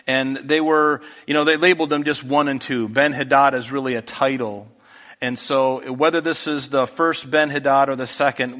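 A man's voice: on the high side, fairly bright tone, long reverb tail. A man preaching a conversational Bible-teaching sermon, briefly acting out characters in casual voices. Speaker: pastor.

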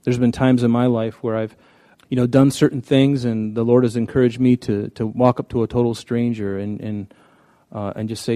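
A man's voice: mid-range voice, little pitch movement, moderate pace, hardly any pauses, mellow, no room sound. A man preaching a conversational sermon, telling stories in a folksy way with frequent restarts. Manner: folksy, storytelling, many restarts. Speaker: pastor.

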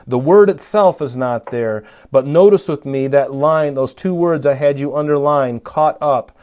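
A man's voice: medium pitch, darkish tone. A man preaching a sermon, teaching from scripture in an earnest, emphatic way and addressing listeners who are not in the room. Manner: earnest, emphatic Bible teaching with rising stress on key lines.

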